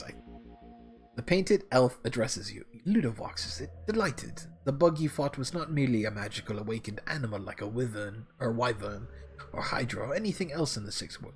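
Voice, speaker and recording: A man's voice: medium pitch, expressive, normal speed, soft background music, lightly acted. A man voicing a flamboyant, theatrical painted male elf with an airy, teasing manner.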